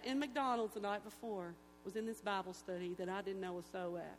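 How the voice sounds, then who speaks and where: A woman's voice: mid-range voice, fairly quick. Woman telling her testimony at church, acts out all the voices, long echo in the hall, bit of hum. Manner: animated storyteller who acts out quoted voices. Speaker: guest giving a personal testimony. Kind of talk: emotional church testimony storytelling. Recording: echoey hall with faint hum.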